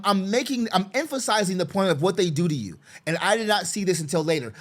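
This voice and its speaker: A man talking through his court papers in a casual walkthrough, repeating himself, sarcastic and exasperated. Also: high voice. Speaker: father representing himself in a custody case. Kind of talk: casual screen-share walkthrough.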